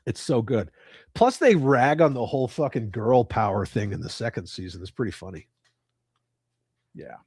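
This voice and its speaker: A man's voice: medium pitch, animated, normal speed, long pauses, a little mellow, breathy edge, no room sound, studio quality. A man hosting a livestream, joking around and swearing freely while chatting with viewers from home. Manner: profane, joking banter. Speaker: livestream host. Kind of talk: casual chat with live viewers. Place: at home with his cats.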